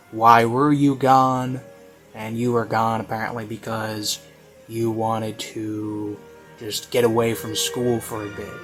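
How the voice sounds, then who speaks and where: A man's voice: on the low side, fairly bright tone. A man giving casual, rambling commentary on a video he is reviewing, full of "you know" and "like" and offhand self-mockery.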